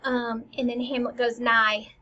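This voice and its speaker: A woman casually explaining a play scene by scene, paraphrasing it in lively everyday slang. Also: a little high, normal speed, husky. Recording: slightly dull lo-fi recording with faint noise.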